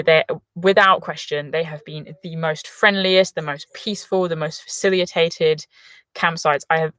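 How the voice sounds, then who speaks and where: A woman's voice: low-pitched, a bit bright, no echo. A British woman talking casually during a live Q&A from a camper van, chatty and rambling, often laughing between thoughts. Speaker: host.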